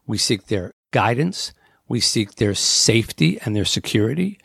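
A man's voice: fairly low pitch, sing-song, moderate pace, gravelly, a bit bright, slightly rough, no room sound, clean studio sound. A man hosting a talk show on air, speaking earnestly and acting out inner voices as he lists points. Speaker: radio talk show host.

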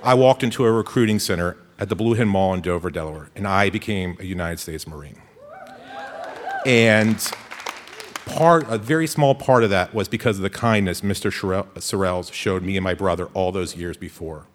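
A man telling a funny personal story on stage in a lively, playful way. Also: deep voice, normal speed, a faint crowd. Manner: animated, playful comic delivery. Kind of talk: live comic storytelling.

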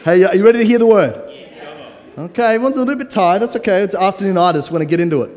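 A man's voice: high-pitched, very fast, darkish tone. A man in his forties preaching a live sermon as a guest pastor, playful and joking as he coaxes the congregation. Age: 40s. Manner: playful, joking and coaxing the crowd. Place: church auditorium with live audience. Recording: long hall reverb.

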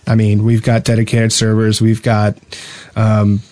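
A man's voice: on the low side, monotone, unhurried, darkish tone, no room sound. A man co-hosting a casual gaming podcast, chatty and laughing often as he talks. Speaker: podcast co-host.

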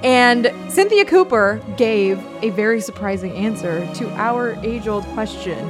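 A woman's voice: a little high, expressive, a little slow, over music. A woman co-hosting a podcast, joking in a wry, upbeat, casual way. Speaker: podcast co-host.

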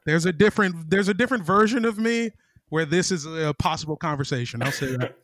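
A man's voice: a little high, fairly quick, a bit bright. A man co-hosting a podcast, chatting casually and teasing his friends with profane banter. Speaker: podcast co-host. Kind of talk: casual chat.

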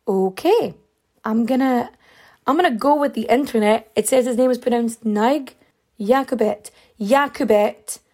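A woman's voice: on the high side, a little mellow. A woman casually telling a true crime story, rambling with fillers and side remarks. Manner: chatty, rambling, lots of fillers and asides.

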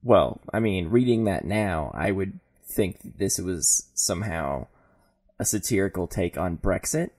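A woman's voice: a bass voice, animated, a little slow, a little mellow, breathy edge. A woman co-hosting a podcast, chatting casually and tossing in wry jokes. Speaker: podcast co-host. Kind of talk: casual chat.

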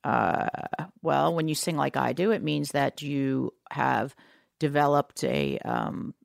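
A woman's voice: extremely low pitch, slow, vocal fry, no echo, clean studio sound. A middle-aged woman, a singer talking frankly and reflectively as a podcast guest. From New York, USA. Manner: frank and reflective, plain-spoken. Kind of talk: candid podcast conversation.

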